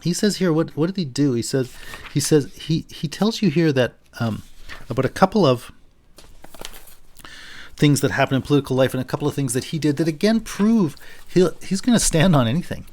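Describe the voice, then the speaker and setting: A male philosophy lecturer giving an unscripted university lecture, thinking aloud and paraphrasing a text in a lively quoting voice. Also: a little high, a little fast. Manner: thinking aloud, with frequent restarts and fillers.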